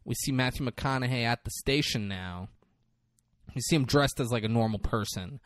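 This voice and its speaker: A man's voice: medium pitch, moderate pace, no room sound, studio quality. A man co-hosting a casual podcast, recapping a film plot in a profane, rambling storytelling way. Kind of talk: casual chat.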